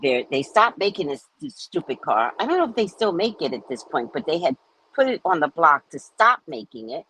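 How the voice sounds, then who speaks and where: A woman hosting a casual livestream chat, telling rambling stories in an animated way and greeting viewers. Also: sits low, brisk, breathy edge, low-quality recording. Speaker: livestream host.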